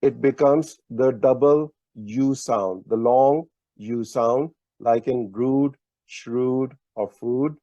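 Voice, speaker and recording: A man's voice: mid-range voice, slow, warm tone, dry recording. A man teaching a language lesson, explaining patiently with many fillers and restarts. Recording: dull lo-fi online lesson audio.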